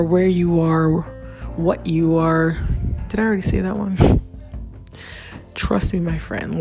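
A woman makeup vlogger talking casually, excitable and gushing, drifting into motivational pep talk. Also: fairly low pitch, gravelly. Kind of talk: casual rambling vlog.

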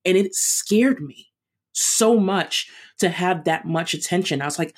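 A woman with a New York accent, a runner and chef, telling her story as an interview guest in an animated, emphatic way with quick restarts. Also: fairly low pitch. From New York City.

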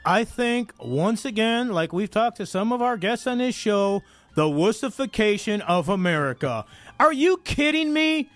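A sports talk co-host ranting in a blunt, exasperated way during a heated debate. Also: male voice, high voice, lively intonation, a little slow, no room sound, soft background music.

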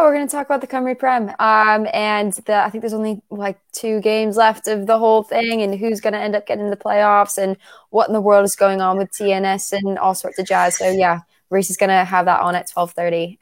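A young woman co-hosting a podcast, talking in a relaxed, rambling way. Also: mid-range voice, a little fast, dry recording, studio quality. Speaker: co-host. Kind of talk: casual chat.

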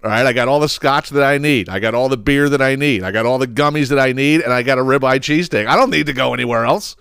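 A man hosts a podcast in a casual monologue, cursing freely and chuckling through his own stories. His voice sits at an ordinary middle pitch. The sound is dry and close, with no room echo. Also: fast, fairly bright tone, smooth. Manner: profane, rambling, laughs while telling stories. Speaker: podcast host.

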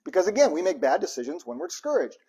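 A man preaching a relaxed, conversational sermon, his pitch leaping up and down as he acts out lines of scripture. His voice sits a little high for a man and has a husky grain to it. He jokes with the room between readings. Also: rapid-fire. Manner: lively and joking, acts out the psalms' cries to God. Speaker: pastor.

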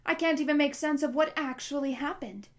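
A woman's voice: a little high, normal speed, a little mellow, natural voice. A woman reading the part of a stern older headmistress who speaks sharply and scolds. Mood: loud.

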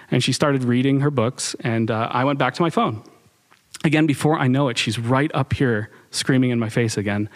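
A young man speaks candidly to a live chat audience in a mid-range voice. His talk is loose and personal, with ums and restarts as he thinks aloud. He sounds like someone reflecting with an online group. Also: medium pitch.

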